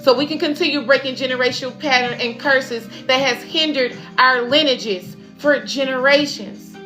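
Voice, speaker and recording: A woman's voice: high voice, moderate pace, bright, forceful tone. A woman giving an oracle card reading to her audience, emphatic and preachy, with casual slang. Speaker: spiritual reader. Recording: music playing behind.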